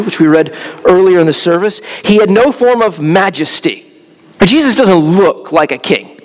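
A man preaching an expository sermon in a church, earnest and explanatory, with occasional stumbles and restarts. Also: high-pitched. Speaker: pastor. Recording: long hall reverb.

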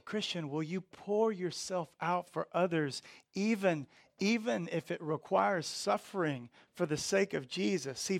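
A man preaching a sermon, earnest, often repeating words and swinging from quiet to emphatic. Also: high voice, gravelly, no room sound, clean studio sound. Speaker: pastor.

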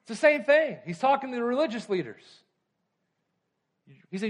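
A pastor preaching a conversational sermon, often checking in with the congregation. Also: male voice, very high-pitched, animated, normal speed.

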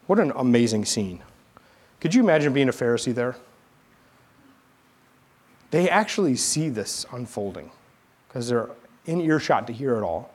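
Animated conversational male pastor preaching. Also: mid-range voice, moderate pace, pauses often. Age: adult, army veteran. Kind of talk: sermon.

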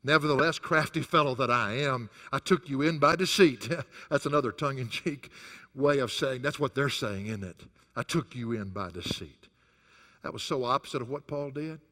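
A man's voice: medium pitch, moderate pace, bright, forceful tone, big-room sound. A male pastor preaching a sermon who swings his voice up and down hard for emphasis. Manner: rises and falls sharply for emphasis, chuckles between points.

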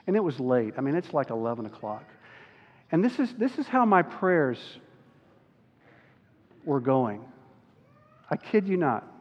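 A man preaching a sermon as a pastor, earnest and slowing down on key words. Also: medium pitch, very animated. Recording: dull recording with long hall reverb.

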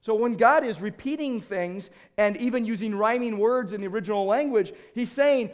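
Pastor guy preaching, high voice, gets lively and acts out voices. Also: brisk, few pauses. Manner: animated, acts out quoted voices, frequent restarts. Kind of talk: sermon.

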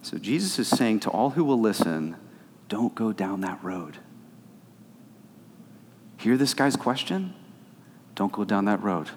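A man's voice: fairly low pitch, long reverb tail, a little hiss or hum. A man preaching a sermon as pastor, conversational at times and rising to fervent emphasis.

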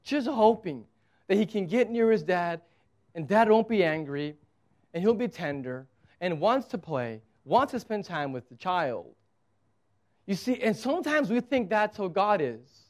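Man, pastor, sermon, conversational, humorous, emphatic, high voice. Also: big pitch swings, measured pace, a little mellow.

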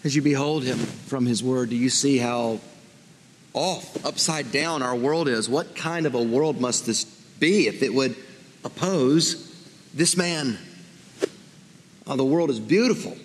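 A man's voice: medium pitch, unhurried, long pauses, a little hiss or hum. A man preaching a sermon as pastor, earnest and full of rhetorical questions. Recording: long hall reverb.

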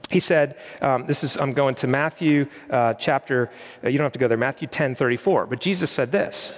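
A man's voice: medium pitch, a little fast, in a large hall. A man preaching a sermon in an earnest, conversational way, now and then quoting prayers aloud. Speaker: pastor.

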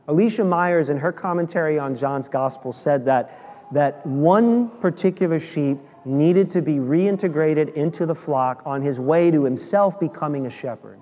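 A man preaching a sermon as a pastor, animated, acting out quoted dialogue as he tells the story. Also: a little high, in a large hall.

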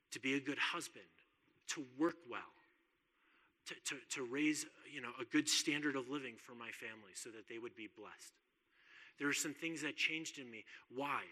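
A man gives an earnest, conversational sermon and repeats words to press his points. His bright, ringing voice sits at a middle pitch. A long reverb trails after him, as in a large hall. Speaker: preacher.

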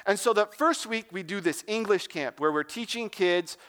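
A man preaching as a youth pastor in a church, loose and joking, tossing in "right?" and "like" as he goes. His voice sits high and comes across smooth and clear. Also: normal speed, a bit bright. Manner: informal and joking, with lots of "like" and "right?". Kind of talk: casual sermon talk.

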